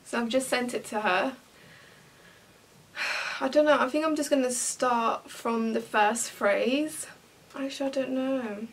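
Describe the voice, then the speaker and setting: A woman's voice: a little high, unhurried, pauses often, recorded from a distance. A young woman vlogging casually to camera, giggling and bursting into laughter often. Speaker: beauty vlogger.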